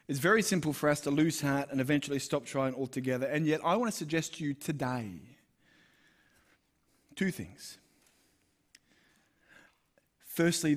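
A middle-aged Australian man preaching a sermon in a conversational, self-deprecating storytelling manner. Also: fairly high pitch. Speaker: pastor.

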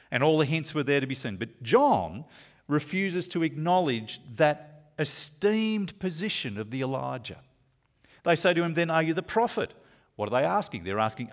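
This male preacher teaches with real animation, his pitch jumping up and down. He gets loud to hammer home a point, then eases into soft, almost whispered asides, all in the steady cadence of a sermon.

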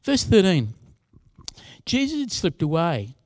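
A man's voice: high voice, huge pitch swings, unhurried, darkish tone, no room sound. Conversational man preaching a sermon. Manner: conversational preaching with asides to the congregation. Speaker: pastor.

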